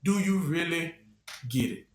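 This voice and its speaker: A man's voice: a little high, lively intonation, a little slow. A man giving call-and-response Bible teaching, talking conversationally and asking rhetorical questions for his listeners to finish. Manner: conversational, repetitive preaching. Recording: roomy echo.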